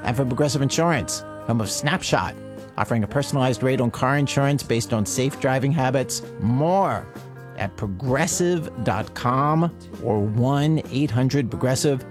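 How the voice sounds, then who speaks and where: A man's voice: mid-range voice, normal speed. A man hosting a radio show, reading credits and sponsor messages in an easygoing, conversational way. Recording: radio show with music bed.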